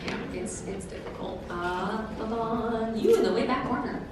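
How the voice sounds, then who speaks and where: Taking questions from the crowd at a convention panel, this young woman cosplayer speaks at a normal speed in a higher register. She's chatty and laughs a lot, restarting often and leaning on fillers, picked up by a far-off mic in a noisy, echoing hall.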